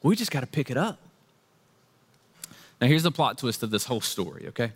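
A male pastor preaching a sermon in a conversational, animated way, with playful slang asides. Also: mid-range voice, a little fast, breathy edge, in a large hall.

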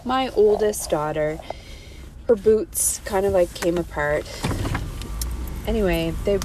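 A woman's voice: medium pitch, slow pace, warm tone, a little hiss or hum, rough recording. A woman, hosting a podcast in casual, rambling chat from her car at a drive-thru, self-amused and prone to digressions. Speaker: podcast host.

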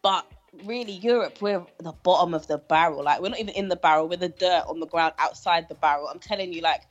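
A woman's voice: on the low side, fast, lo-fi sound, soft background music. A woman from Britain, talking emphatically in casual podcast chat. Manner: animated, emphatic, laughs often.

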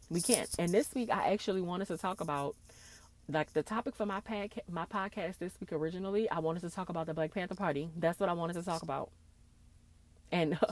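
Woman podcast host, low gravelly voice, impassioned, repeats herself, tearful. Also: a little mellow. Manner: impassioned, ranting with repeated phrases and slang. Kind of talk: emotional solo podcast monologue.

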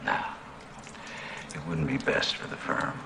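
An actor playing a calm, cold middle-aged editor who has become a werewolf, speaking slowly and evenly in film dialogue. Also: male voice, natural voice. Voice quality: low, gravelly, slow and measured. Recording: film audio with ambient noise.

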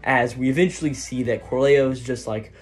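A man of middle pitch talks through a manga chapter in a loose, rambling way, full of fillers and tagged questions. His voice sits in a plain middle register. Faint music plays softly in the background. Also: brisk. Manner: rambling, filler-heavy, tags lines with "right?". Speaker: manga reviewer. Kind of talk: casual chapter recap.

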